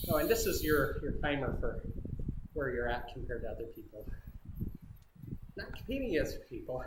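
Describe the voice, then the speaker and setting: A man's voice: sits high, reverberant, noisy background. A man chatting casually while riding an indoor bike, thinking aloud as he pedals hard. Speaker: cycling vlogger.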